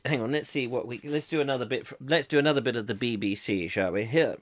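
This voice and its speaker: A man's voice: medium pitch, big pitch swings, fast, few pauses, a bit bright. A man hosting a comic live chat show, rambling in a jokey way and reading out viewer comments as they come in. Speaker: host.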